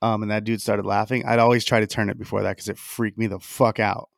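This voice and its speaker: A man's voice: fairly low pitch, little pitch movement, fast talker, vocal fry, dry recording, clean studio sound. A man co-hosting a casual podcast, joking crudely and swearing freely, talking over a headset mic. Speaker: podcast co-host. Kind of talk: casual chat.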